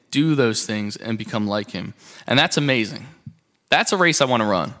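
A man's voice: medium pitch, fairly bright tone. A man preaching a sermon to a congregation, passionate, with rhetorical questions and rising and falling emphasis. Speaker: pastor.

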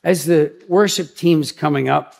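A pastor giving a conversational sermon, chatty and rambling, with frequent restarts and asides. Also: male voice, a little high, unhurried, creaky, darkish tone, slight background noise.

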